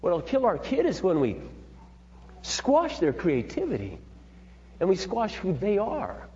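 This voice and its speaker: A middle-aged man leading a parenting seminar, talking in a rambling, folksy, animated way to a group. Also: sits high, measured pace. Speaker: seminar leader. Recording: dull echoey hall with faint hum.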